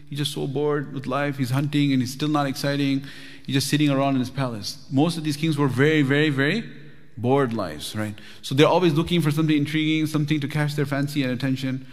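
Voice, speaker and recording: Chatty male teacher in a reverberant hall. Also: mid-range voice. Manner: lively, chatty, asks the audience "right?". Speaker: religious teacher. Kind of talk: storytelling lecture. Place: mosque hall.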